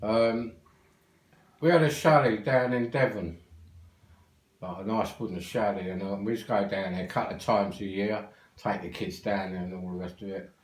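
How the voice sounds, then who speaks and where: An older man with a London accent tells a rambling family story, cheerfully swearing as he goes. His voice sits low and the room around him is echoey. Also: normal speed. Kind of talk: casual anecdote.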